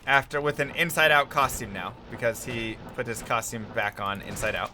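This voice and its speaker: A man's voice: medium pitch, normal speed, bright, forceful tone, slight background noise. A man telling a rambling, self-mocking story in casual chat while streaming a game.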